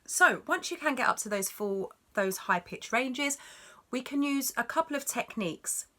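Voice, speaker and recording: A woman's voice: high-pitched, animated, moderate pace, bright, forceful tone. A woman giving a singing lesson, explaining technique in an encouraging, instructive way. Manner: encouraging, instructive, demonstrates notes. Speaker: singing teacher. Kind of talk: vocal lesson talk.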